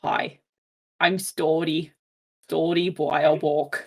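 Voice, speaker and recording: A woman's voice: sits low, fairly even intonation, slow pace, creaky, husky, full character voice. A woman doing a brash little halfling. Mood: breezy. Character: brash cheerful female halfling fighter.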